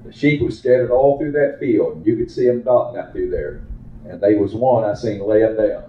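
A man's voice: fairly low pitch, moderate pace, a little hiss or hum. A man preaching a sermon, telling a folksy story that builds to fervent exclamations. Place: church. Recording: roomy, dull lo-fi church recording.

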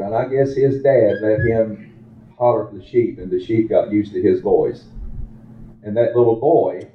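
A man preaching a sermon, telling a folksy story that builds to fervent exclamations. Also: mid-range voice. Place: church. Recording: roomy, dull lo-fi church recording.

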